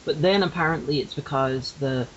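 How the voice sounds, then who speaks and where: Guy from northern ireland on a podcast, halting, lots of ums, dull lo-fi sound. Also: on the high side. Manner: hesitant, many fillers and restarts. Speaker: podcast co-host. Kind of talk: casual chat. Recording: lo-fi with faint hiss.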